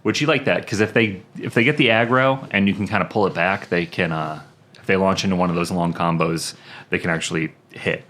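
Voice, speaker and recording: A man with a very deep voice co-hosts a loose gaming podcast. He reads in-game descriptions aloud, sometimes trips over the words, and swears casually as he goes. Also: brisk, fairly bright tone. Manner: laid-back, profane, trips over words. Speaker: podcast co-host.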